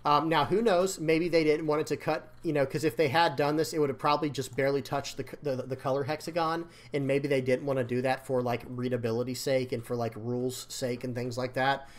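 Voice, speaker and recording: A man's voice: medium pitch, fairly even intonation, a little fast, hardly any pauses. Casual male card game commentator. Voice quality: slightly strained voice. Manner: rambling, repeats words, addresses viewers as guys. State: dry throat, voice cracking. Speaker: card game content creator. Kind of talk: casual commentary over screen.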